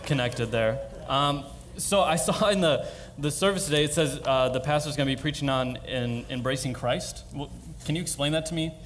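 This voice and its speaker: A man's voice: on the high side, normal speed, a bit bright, a little hiss or hum. A young man playing a hesitant, chuckling grandson in a church comedy skit.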